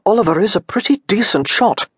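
A woman voicing an earnest gentleman friend who dutifully and gently cautions in an audiobook. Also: mid-range voice, animated, fairly quick, breathy edge, no echo, studio quality, pitched above the performer's own voice. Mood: cautious advice.

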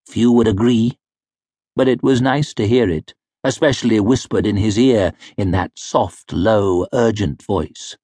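Unhurried, husky male fantasy narrator. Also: fairly low pitch, warm tone, no room sound. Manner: measured, wry storytelling. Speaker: audiobook narrator. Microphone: close studio mic.

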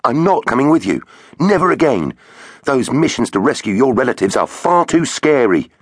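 A man's voice: medium pitch, big pitch swings, normal speed, husky, no echo, studio quality, pitched above the performer's own voice. A man voicing a wary, sceptical young boy who protests in a raised, strained voice, in a children's audiobook. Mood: reluctant.

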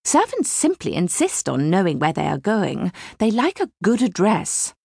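A woman's voice: on the low side, huge pitch swings, normal speed, gravelly, a little mellow, slightly rough, no echo, clean studio sound, heavily acted. A woman narrator voicing a chattering, snobbish middle-aged mother who prattles and gossips, in an audiobook. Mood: chatty. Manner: prattling, gossipy, easily scandalised. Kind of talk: audiobook character reading.

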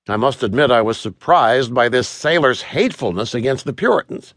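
A man narrating a children's audiobook in an animated, expressive storytelling manner, recorded close to a studio mic. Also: mid-range voice, fairly quick, hardly any pauses, no echo.

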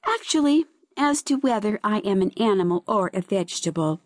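Storybook seaweed, chatty and teasing, pitched high and swinging up and down , played by a woman reader. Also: moderate pace, no room sound, studio quality, close to an everyday voice. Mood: mocking. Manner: lively, high-pitched, lilting. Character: chatty, mocking seaweed, quick to laugh.

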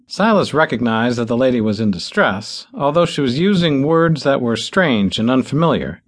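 A man narrating an audiobook in an expressive storytelling style. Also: medium pitch, normal speed, hardly any pauses. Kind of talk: scripted narration.

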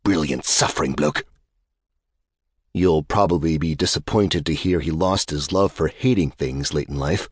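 A male narrator voicing a gruff, aging British collector with a husky, tobacco-ravaged voice and a blunt, profane manner. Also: a bass voice, a little slow, no room sound, studio quality, heavily acted. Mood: blunt scorn.

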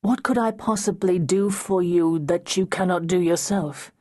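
A woman's voice: on the low side, measured pace, dark tone, voice pushed up. A woman narrating an audiobook, voicing a shipwrecked male sea captain who asks earnest, searching questions. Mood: questioning.

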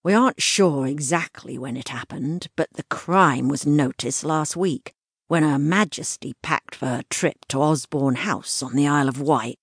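A weary, formal police inspector from a children's audiobook, voiced by a woman. He sighs through his words in a low, husky voice. It is recorded close and dry. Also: a little slow, dry recording, heavily acted. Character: reluctant, by-the-book male police inspector.

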